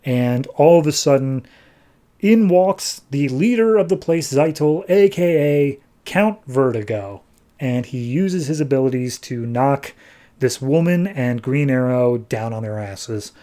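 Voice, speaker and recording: A man's voice: medium pitch, lively intonation, unhurried, dark tone. A man hosting a podcast, giving an enthusiastic, casual recap of a comic book and swearing now and then. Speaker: podcast host.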